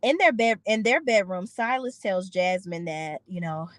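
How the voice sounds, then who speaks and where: A woman's voice: medium pitch, normal speed, no room sound, rough recording. Sassy lady recapping a reality show, dry close sound, does little voices for everyone. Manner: sassy, opinionated, acts out quotes in different voices. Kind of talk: casual recap commentary.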